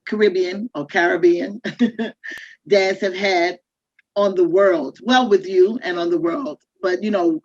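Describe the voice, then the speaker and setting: A woman moderates a panel and keeps the discussion moving. Her voice is raspy and gravelly with a husky edge. The audio is dull and lo-fi. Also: on the low side, takes it slowly. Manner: warm, affirming, frequent "yes".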